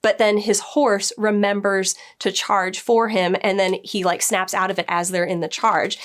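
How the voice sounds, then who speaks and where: Her voice sits in the middle range as this woman, who edits books for a living, talks informally about a TV episode and performs bits of the characters' dialogue.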